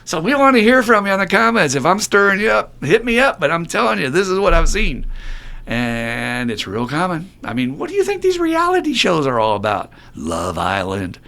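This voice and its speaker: A man's voice: normal speed, gravelly. Blunt, profane middle-aged man on a podcast. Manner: blunt, profane, animated storytelling; acts out quoted voices in a raised pitch. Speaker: podcast co-host. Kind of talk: casual podcast talk.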